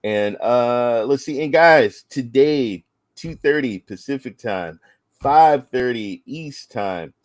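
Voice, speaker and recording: A man's voice: medium pitch, animated, slow pace, no room sound. A man co-hosting a casual online chat show, rambling through announcements with plenty of fillers. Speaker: co-host.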